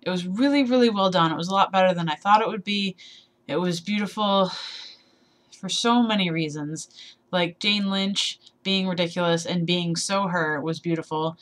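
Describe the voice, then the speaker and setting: A young woman in her early twenties talks through a casual tag video in a somewhat low voice. She rambles, trails off and laughs at her own jokes, sounding slightly sleep deprived. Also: moderate pace, fairly bright tone. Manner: rambling, self-deprecating, giggly. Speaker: vlogger.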